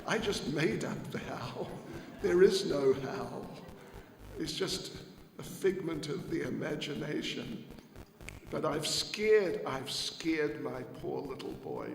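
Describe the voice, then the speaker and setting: A man's voice: fairly high pitch, big pitch swings, takes it slowly, full character voice. A man voicing a loving, anxious mother who exclaims and frets, heard in an echoey hall. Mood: fretful. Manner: worried, exclaiming. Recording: echoey hall, faint ambience.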